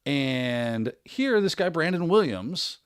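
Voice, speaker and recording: A man hosting a casual livestream, giving energetic, encouraging advice with frequent restarts and tag questions. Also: on the high side, slow, smooth, no room sound, clean studio sound. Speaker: host.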